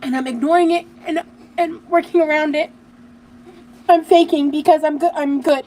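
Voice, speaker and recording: High-voiced, aggrieved woman streamer. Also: fairly even intonation, normal speed, warm tone. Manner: aggrieved, defensive, tired. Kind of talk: livestream monologue.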